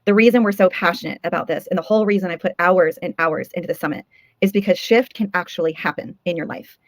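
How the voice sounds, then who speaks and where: A woman's voice: on the low side, quick pace, dry recording. A woman co-hosting a fitness summit, giving emphatic, emotional encouragement to viewers. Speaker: co-host and summit organizer. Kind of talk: motivational talk.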